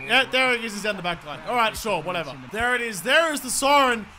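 A young man commentating his own football video game, frustrated and profane, yelling at his teammates. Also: very high-pitched, animated, quick pace, a little hiss or hum. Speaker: gaming commentator. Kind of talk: swearing live gameplay commentary.

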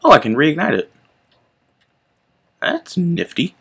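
A young man hosting his gaming channel, chatting casually and reacting out loud to the game as he plays. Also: fairly high pitch, sing-song, takes it slowly, gravelly, husky. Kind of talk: casual gameplay commentary.

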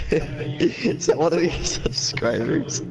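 A man's voice: on the high side, sing-song, slow, vocal fry. A young man goofing around and giggling during a casual gaming call. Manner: goofy, giggly, makes silly noises. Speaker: friend in the call. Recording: loud chatter behind.

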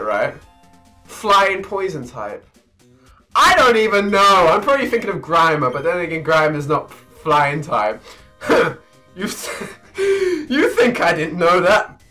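Hyper, shrieking lad gaming. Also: male voice, sits high, poor audio. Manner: hyper, shrieking and laughing excitedly. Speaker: let's play gamer. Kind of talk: gameplay commentary.

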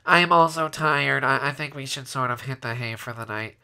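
A man doing a gravelly creepy alien. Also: medium pitch, sharp tone. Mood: calm. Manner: slow, creepy, formal. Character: creepy male alien who probes specimens.

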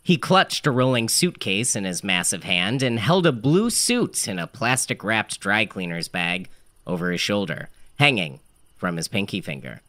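Deadpan low-voiced man narrating a story. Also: normal speed, dry recording.

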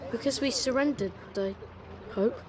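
An actor voicing a frightened young brother in a game, speaking in an anxious, pleading way. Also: male voice, extremely high pitch, moderate pace, crowd noise.

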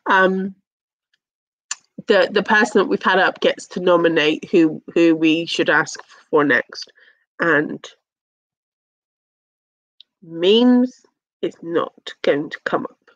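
A woman's voice: fairly low pitch, slow pace, long pauses, no room sound, lo-fi sound. A young English woman chatting casually with her live-stream viewers, teasing and swearing, with lots of fillers.

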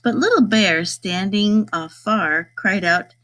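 A woman reading a rhyming picture book aloud, in a lively sing-song way. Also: medium pitch, slow. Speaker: storybook reader.

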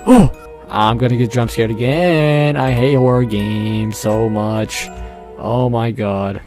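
A man's voice: mid-range voice, slow, darkish tone, faint music behind. A young man playing a horror game, jumpy and nervous, swearing often and laughing at his own scares. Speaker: gamer.

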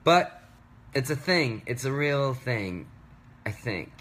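A man's voice: medium pitch, expressive, takes it slowly, fairly bright tone, a little hiss or hum. A man in his thirties chatting casually on a livestream from his home work desk, rambling and interrupting himself in a playful way. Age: 30s. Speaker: musician livestreaming.

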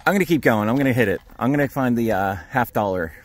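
A man's voice: mid-range voice, expressive, fast. Upbeat man narrating a dig outdoors. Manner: upbeat, cheering on his friends. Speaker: metal detecting vlog host. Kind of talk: casual on-the-spot narration.

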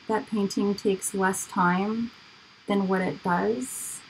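A woman's voice: medium pitch, fairly even intonation, extremely slow, slight background noise, low-quality recording. A woman artist hosting a live painting stream, chatting casually and goofily to herself while she works.

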